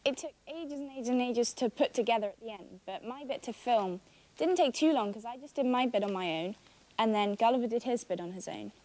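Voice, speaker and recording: A woman, an actress guest, answering questions in a friendly, relaxed way with occasional giggles. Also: on the high side, a little fast. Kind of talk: casual interview answers.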